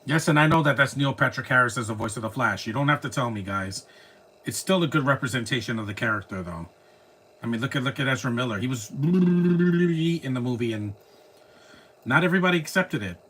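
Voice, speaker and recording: A man's voice: mid-range voice, expressive, a little fast, a bit bright, a little hiss or hum. A man live streaming, chatting casually through a movie reaction, rambling and laughing at his own jokes.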